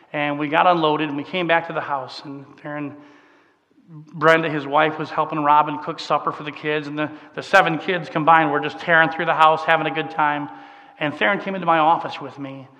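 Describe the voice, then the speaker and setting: Midwestern preacher telling a story in a hall. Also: male voice, fairly high pitch, pushed and bright, highs cut off. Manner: conversational, emotional, rising to emphatic. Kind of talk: sermon storytelling. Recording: long hall reverb.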